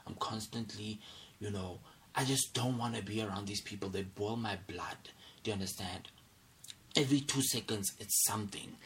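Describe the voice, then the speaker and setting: A man's voice: lowish voice, moderate pace, a bit bright, a little hiss or hum. Irate young man ranting on his podcast. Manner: agitated, repeats "do you understand". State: angry, irate. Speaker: podcast host. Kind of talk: solo podcast rant.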